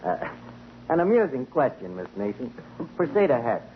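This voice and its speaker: A man's voice: mid-range voice, big pitch swings, normal speed, slight background noise, natural voice. An actor playing a wisecracking tavern manager with tough-guy slang, in 1940s radio comedy style, on a tinny old broadcast. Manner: Brooklyn tough-guy slang with ungrammatical speech. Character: wisecracking male tavern manager, fast-talking.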